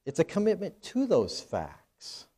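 A man's voice: on the high side, wildly swooping pitch, unhurried, dark tone, breathy edge. A man pastor preaching a sermon, earnest, with frequent restarts and fillers.

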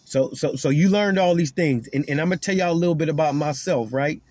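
A man's voice: a little high, quick pace, darkish tone, dry recording. A man who calls himself a prophet, preaching straight to the camera in an emphatic way, restarting and repeating his words for emphasis. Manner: repeats key lines for emphasis. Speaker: self-described prophet.

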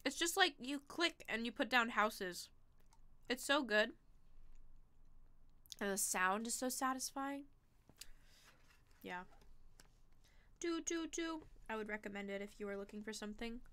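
A woman's voice: on the high side, normal speed, pauses often, bright, forceful tone, smooth. A young woman streaming a game, chatting casually, reading chat aloud and poking fun at herself. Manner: chatty, self-deprecating, reads chat aloud.

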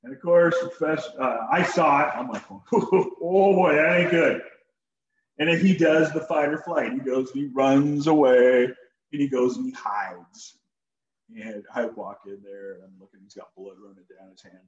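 A man's voice: medium pitch, steady tone, moderate pace, reverberant, highs cut off, slight background noise. A man teaching a shop class in a folksy, joking way while demonstrating tools. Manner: folksy, joking, talks to students directly. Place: school workshop.

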